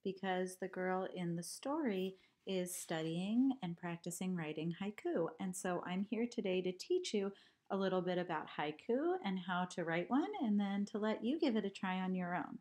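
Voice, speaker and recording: A woman teacher giving an art lesson to children, speaking clearly and counting syllables aloud. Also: fairly low pitch, lively intonation, moderate pace, a little mellow. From California.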